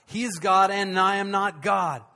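A man, a pastor, preaching to his congregation in a conversational way, with humor and dramatic pauses. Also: high-pitched, steady tone, sharp tone, soft background music. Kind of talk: sermon. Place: church sanctuary before a congregation.

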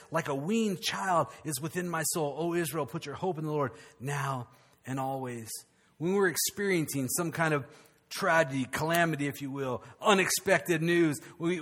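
An older man delivers a sermon as a pastor, his fairly high voice swinging between loud, animated outbursts and hushed, quiet passages.

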